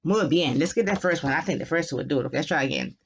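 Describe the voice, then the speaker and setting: Woman teacher going over phrases slow and patient, kinda dull lo-fi sound. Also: deep voice, a little hiss or hum. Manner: patient, drills phrases slowly and repeats them. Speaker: Spanish teacher. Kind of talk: online class teaching.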